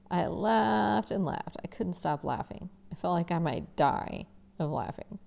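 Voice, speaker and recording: A woman teacher reading a novel aloud in first person, expressive and conversational, with casual asides to listeners. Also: on the low side, a little slow, gravelly.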